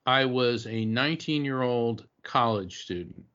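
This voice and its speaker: A man, a guest on an interview show, telling animated travel stories with lots of fillers and restarts. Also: mid-range voice, a little slow. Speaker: guest, psychic explorer. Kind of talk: casual interview storytelling. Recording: slightly dull lo-fi audio.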